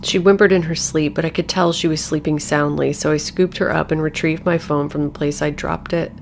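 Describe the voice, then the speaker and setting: A woman reading a scripted horror story aloud in a measured, quietly tense storytelling manner. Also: sits low, steady tone, creaky, slight background noise. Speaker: narrator.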